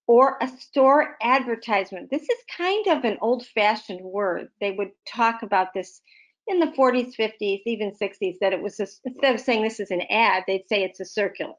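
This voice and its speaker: A woman literacy tutor giving a recorded vocabulary lesson, explaining slowly with many everyday examples. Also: medium pitch.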